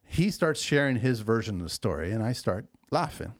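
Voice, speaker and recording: A man co-hosting a podcast, telling a job-site story in casual chat, animated and quick to laugh. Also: on the low side. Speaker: podcast co-host.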